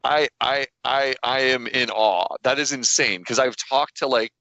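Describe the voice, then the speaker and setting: A man co-hosting a podcast in casual chat, telling animated stories and acting out quotes. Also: mid-range voice, measured pace, no room sound. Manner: animated storyteller, acts out quotes, laughs often. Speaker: podcast co-host. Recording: dull lo-fi dry podcast audio.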